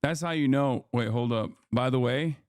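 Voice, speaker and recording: A man's voice: mid-range voice, normal speed, darkish tone, faint music behind. A man casually reacting on a live stream, loose and profane, laughing often. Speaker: streamer reacting to a news report.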